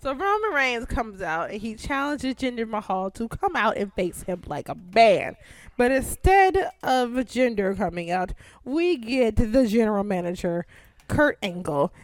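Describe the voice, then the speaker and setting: A young woman hosting a casual podcast, swearing freely and bursting into loud, excitable outbursts. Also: fairly high pitch, no room sound. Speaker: podcast host.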